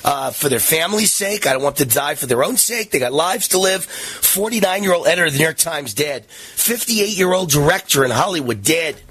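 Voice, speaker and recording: A man's voice: on the high side, animated, brisk, hardly any pauses, bright, forceful tone, husky. A man in his sixties hosting a political talk radio show, combative and mocking, his voice rising into sing-song taunts. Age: 60s.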